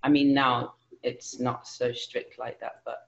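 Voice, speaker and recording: A woman guest with a mixed English and American accent, telling stories about her acting career in a casual interview, animated and quick to laugh. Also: rumbling low, creaky, highs cut off. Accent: mixed English and general American. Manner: animated, laughs often, acts out quotes. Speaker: actress, guest.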